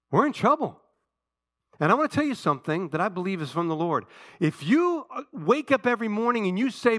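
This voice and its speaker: A man's voice: high-pitched, sharp tone. A man preaching a sermon to his church, reading scripture and acting out pleading prayers with rising passion. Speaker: pastor.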